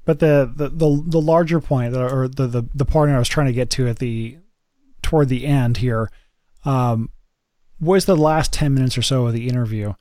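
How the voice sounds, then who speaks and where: Halting man podcast co-host. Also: mid-range voice, darkish tone, dry recording, studio quality. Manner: halting, searching for words. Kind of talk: podcast discussion.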